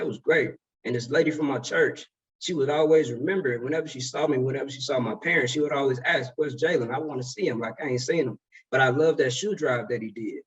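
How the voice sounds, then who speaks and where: A man's voice: mid-range voice, breathy edge, recorded from a distance, dull audio. A man in his twenties telling a story in a casual, slangy way as a speaker at a summit. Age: 20s. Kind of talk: motivational talk.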